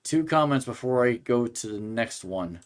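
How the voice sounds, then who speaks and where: A man's voice: mid-range voice, expressive, moderate pace. A man hosting a sports podcast, ranting in a rambling way and restarting his sentences often. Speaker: podcast host. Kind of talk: casual sports rant.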